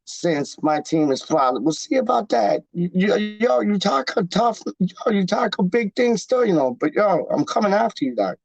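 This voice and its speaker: A man hosting a live stream, chatting casually with his viewers in an animated, jokey way full of slang. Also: high-pitched, moderate pace, vocal fry, few pauses, no echo, poor audio. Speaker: livestream host reading chat. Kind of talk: casual chat.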